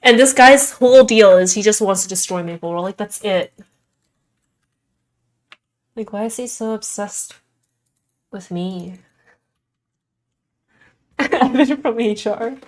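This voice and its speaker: A woman's voice: medium pitch, slow pace, pauses often. Rambling young woman streamer, Valley Girl lilt. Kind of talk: casual gaming stream chat.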